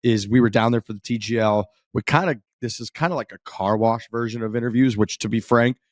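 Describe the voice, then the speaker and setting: A man's voice: medium pitch, a little fast, dry recording, studio quality. A man hosting a podcast, talking in a laid-back, rambling and wry way as he introduces the show. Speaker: podcast host. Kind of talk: casual chat and show intro.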